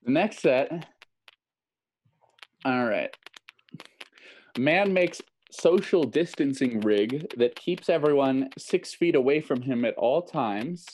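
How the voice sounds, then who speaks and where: A man's voice: medium pitch, animated, takes it slowly, pauses often, darkish tone, a little hiss or hum, low-quality recording. A man co-hosting a podcast over a video call, chatting casually and reading out headlines for a guessing game. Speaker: podcast co-host.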